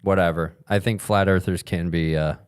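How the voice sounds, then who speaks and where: A young man co-hosting a comedy podcast, retelling things in halting, animated, profane banter. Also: low voice, clear, resonant tone. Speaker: podcast co-host. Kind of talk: casual comedic chat.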